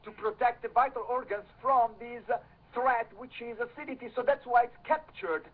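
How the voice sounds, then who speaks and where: A man's voice: very high voice, moderate pace. A man as a radio guest, explaining step by step in short phrases. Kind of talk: explanatory interview talk. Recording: tinny phone line.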